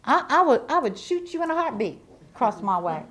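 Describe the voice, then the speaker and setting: A woman preaching a sermon, emphatic and repetitive, with folksy asides to the congregation and swings from loud to soft. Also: high voice, very animated, a little fast.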